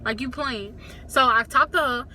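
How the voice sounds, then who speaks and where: A young woman recounts a family event straight to her audience, acting out the lines of people in the story. Her voice sits a little high and rings very bright and forward. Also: normal speed, a little hiss or hum. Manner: talks straight to viewers, acts out quotes. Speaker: vlogger telling a family story. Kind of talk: casual storytime to camera.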